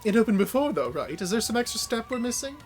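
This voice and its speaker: A man's voice: extremely high pitch, very animated, fast talker, faint music behind. A streamer voicing a bubbly young woman trainer with a Valley Girl accent, breezy and teasing. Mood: curious.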